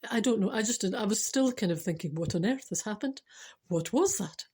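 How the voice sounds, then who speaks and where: A woman's voice: mid-range voice, animated, a little fast, darkish tone, breathy edge. An older Scottish woman telling a personal spiritual story in a chatty, laughing way, switching to earnest teaching. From Scotland. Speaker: spiritual vlogger. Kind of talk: casual storytelling to camera.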